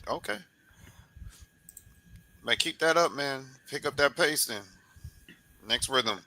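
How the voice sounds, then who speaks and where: Bright-voiced man hosting a sports podcast. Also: slow pace, a little hiss or hum, poor audio. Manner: animated, beats out rhythms with repeated "boom" sounds; loose, repetitive, encouraging coach-like talk. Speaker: podcast host. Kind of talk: casual sports interview chat.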